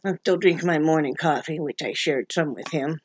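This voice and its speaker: A woman's voice: low-pitched, a little fast, slight background noise. A woman from Wyoming chatting at home for her vlog, rambling and restarting her sentences. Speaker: vlogger. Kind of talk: casual home chat. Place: at home, indoors.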